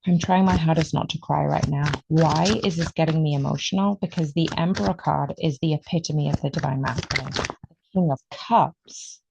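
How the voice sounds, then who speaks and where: A woman giving an excitable, emotional tarot reading, stretching out her words for emphasis. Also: sits low, normal speed, vocal fry, background noise. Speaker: tarot reader.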